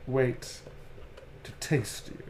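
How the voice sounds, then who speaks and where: A man voicing a seductive, teasing male vampire in a low, murmured purr. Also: drawn-out words, a little mellow, a little hiss or hum. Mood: sultry.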